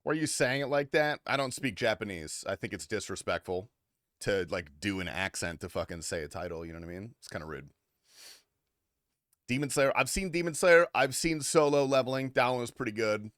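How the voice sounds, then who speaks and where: Male streamer, casual and foul-mouthed, with animated pitch and a dry, deadened sound. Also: a little fast, no room sound. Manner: crude, swears freely, rambling and offhand. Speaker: game streamer. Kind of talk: casual livestream chat.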